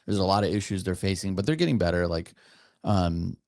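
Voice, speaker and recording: Low voiced army guy on a podcast, lots of ums and likes. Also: expressive, a little fast, gravelly, darkish tone, no room sound, studio quality. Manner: hesitant, many fillers. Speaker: guest, soldier. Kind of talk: casual interview chat.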